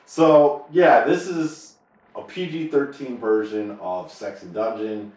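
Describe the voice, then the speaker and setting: A man co-hosting a podcast in casual chat, talking haltingly with many pauses and restarts. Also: medium pitch, steady tone, a little mellow. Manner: halting, many fillers and restarts, laughs often. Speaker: podcast co-host. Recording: echoey room, far from the mic.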